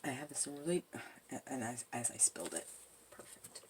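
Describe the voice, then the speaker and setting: A woman quietly talking herself through a craft project, muttering and joking at herself as she works. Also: very deep voice, animated, a little fast, noisy background. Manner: soft-spoken, muttering to herself, self-deprecating. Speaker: crafting video host. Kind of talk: casual narration while crafting.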